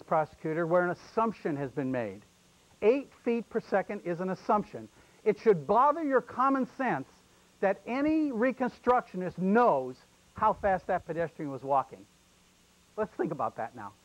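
A middle-aged man from Pennsylvania teaches a live class in a loose, conversational way. His voice sits fairly high and swings widely as he acts out questions and answers. He is an animated instructor.

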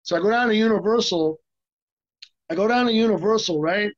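An older man, an interview guest, telling stories in an animated, profane way, with lots of restarts and laughs. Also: high-pitched, brisk, no echo. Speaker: interview guest, stuntman and actor. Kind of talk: casual storytelling interview. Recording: muffled, dry sound.

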